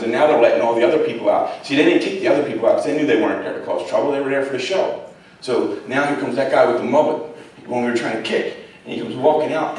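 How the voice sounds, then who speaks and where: A man in his thirties telling his life story to a theater audience in a blunt, profane, chatty way, often checking in with the crowd. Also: mid-range voice. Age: 30s. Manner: blunt, profane, conversational, keeps checking in with "right?". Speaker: guest speaker. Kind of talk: storytelling talk to a live audience. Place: large college theater, in front of a full house. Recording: very echoey theater, distant mic, faint hiss.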